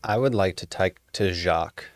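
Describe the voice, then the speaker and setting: A man's voice: low-pitched, moderate pace, dry recording, clean studio sound. A man playing a character in a tabletop game, blunt and wry. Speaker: player.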